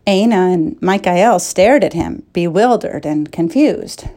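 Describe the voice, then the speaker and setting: Woman, audiobook narrator, measured, slow, warm dark tone. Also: fairly low pitch, animated.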